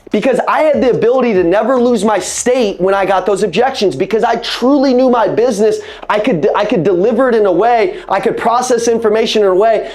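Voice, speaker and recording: High-pitched, fired-up male sales trainer. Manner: animated, emphatic, repeats key phrases; casual, addresses audience as "guys" and "bro". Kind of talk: energetic sales training talk on a video call.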